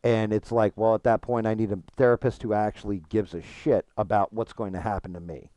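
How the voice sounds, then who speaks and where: Man, gaming streamer, low mellow voice, dry close sound, frank, profane, rambling chat. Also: level tone, brisk, dry recording.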